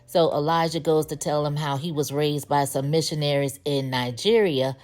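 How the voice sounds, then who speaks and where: A woman's voice: sits low, steady tone, normal speed, darkish tone. A woman giving a casual spoken recap of a TV episode, telling the story in a chatty way with sassy asides. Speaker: TV show recap reviewer.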